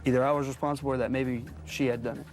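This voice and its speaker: Young guy on a talk show, talks fast and flat, earnest retelling. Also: mid-range voice, soft background music. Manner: earnest, recounting events. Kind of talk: studio interview.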